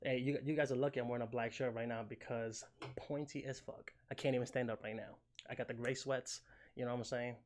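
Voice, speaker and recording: A young man hosting a casual gaming podcast, animated and joking, swearing freely and full of fillers. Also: mid-range voice, fast talker. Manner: animated, joking, swears a lot, fillers like "you know what I'm saying". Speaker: podcast host. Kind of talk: casual chat.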